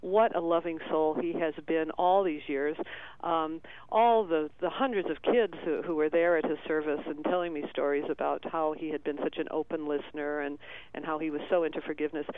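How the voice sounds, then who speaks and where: A man calling in to a radio show, telling a personal story in a halting, tearful way with many restarts. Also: on the high side, steady tone, no room sound. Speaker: caller. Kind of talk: emotional call-in storytelling. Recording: tinny phone line.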